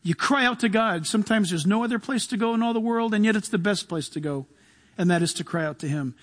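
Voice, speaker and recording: Pastor, male, high tenor, lively sermon delivery with loud and hushed turns, long hall reverb. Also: quick pace. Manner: animated, shifts between loud bursts and soft hushed asides.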